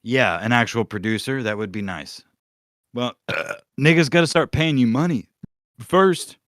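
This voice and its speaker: A man's voice: medium pitch, unhurried, fairly bright tone, no echo. Crude, joking man with a dry sound. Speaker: podcast host. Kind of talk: casual comedy podcast chat.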